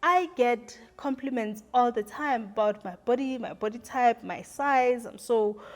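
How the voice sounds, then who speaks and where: Earnest woman vlogger. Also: fairly high pitch. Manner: earnest, reflective, halting with pauses and repeats. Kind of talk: emotional storytime chat to camera.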